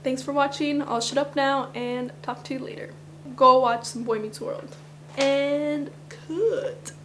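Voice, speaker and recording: A woman's voice: high-pitched, steady tone, normal speed, a bit bright, slight background noise. A woman vlogger chatting casually through a fan countdown, rambling a little, her morning voice slightly cracking.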